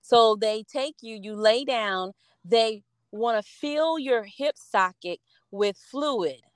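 A woman tells stories in casual chat and acts out the quotes with energy. Her voice sits a little high. The sound is close and dry, with no room around it. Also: slow pace, clean tone, no room sound. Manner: animated storyteller, acts out quotes.

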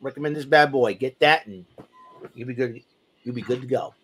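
A man co-hosting a podcast casually shows off a gadget in enthusiastic, rambling talk full of fillers. His pitch is medium, his pace moderate, with a little hiss or hum in the audio.

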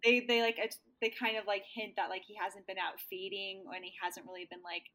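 Bright, gushing woman in casual chat. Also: medium pitch, little pitch movement, fairly quick. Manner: gushing and rambling, fills with "like".

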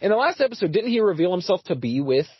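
Male podcast host, lively pitch, filler-heavy casual talk, dry lo-fi sound. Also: fast, breathy edge, no room sound. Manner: animated, with frequent fillers and restarts. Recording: dry, slightly dull audio.

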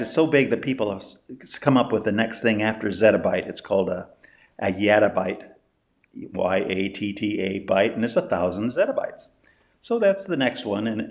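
An older man teaching a casual spoken lesson in a folksy, rambling way, pausing often and asking rhetorical questions. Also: medium pitch, a little mellow. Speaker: teacher of a lesson on big data.

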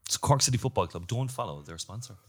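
A man hosts a sports podcast in loose, joking chat. His pitch swings widely up and down, and he keeps a lively, animated delivery. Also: fast, slightly rough. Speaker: podcast host. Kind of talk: casual chat.

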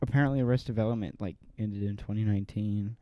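A young man co-hosting a podcast in casual chat, joking with deadpan asides. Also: on the low side, quick pace, no echo, dull audio. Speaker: podcast co-host.

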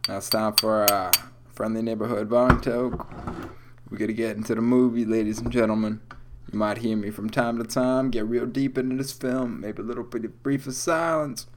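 A young man rambles through his solo podcast from a room at home, cursing freely and drifting from thought to thought. His voice sits at an ordinary middle pitch and his talk is loose and unhurried. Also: steady tone, noisy background. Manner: profane, rambling, laid-back. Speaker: podcast host. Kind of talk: casual stoned solo podcast chat.

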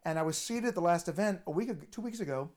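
A man's voice: sits high, fast talker. Chatty, joking man on a podcast. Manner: jokey, animated, chatty. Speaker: historical reenactor guest. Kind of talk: casual podcast chat.

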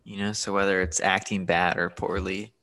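Gravelly man with bright, terse replies. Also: low-pitched, little pitch movement, moderate pace. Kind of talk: casual chat.

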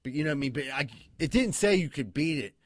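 A man's voice: on the high side, animated, quick pace, dry recording, clean studio sound. A young man hosting a podcast, telling stories in crude, rambling casual chat and laughing as he goes. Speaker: podcast co-host.

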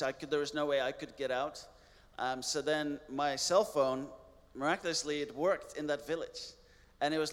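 An earnest man tells his testimony as a missionary guest, his slightly high voice ringing with a long hall reverb. He talks plainly and restarts words now and then. The tone stays sincere throughout. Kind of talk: personal testimony storytelling.

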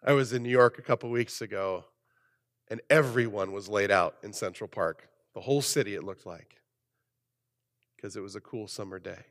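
A man preaching a sermon as pastor, animated, swinging between loud emphasis and soft, low asides. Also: moderate pace, big-room sound.

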